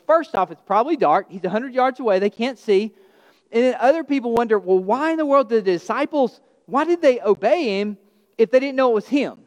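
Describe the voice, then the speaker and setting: A male pastor delivers a sermon with an animated storytelling manner, and he acts out the characters as he goes. His voice sits high for a man. The sound carries a long reverb, as if it was recorded in a large hall. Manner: animated storytelling, acting out the disciples' lines.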